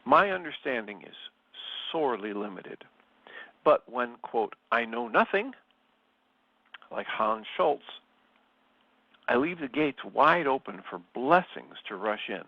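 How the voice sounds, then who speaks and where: A man's voice: mid-range voice, expressive, no echo. A man reads spiritual passages aloud and adds his own reflections, taking his time and weighing each phrase. His voice sits in an ordinary middle register. The recording is close and dry, with a slightly dull, lo-fi tone. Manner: slow, measured and thoughtful. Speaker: study group leader. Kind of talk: reflective reading and commentary.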